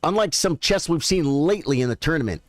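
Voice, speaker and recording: A man streaming chess, chatting casually with viewers and thinking out loud about his games. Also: a little high, lively intonation, fast, dry recording, studio quality. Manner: chatty, thinks aloud, addresses viewers directly. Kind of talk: casual live-stream commentary.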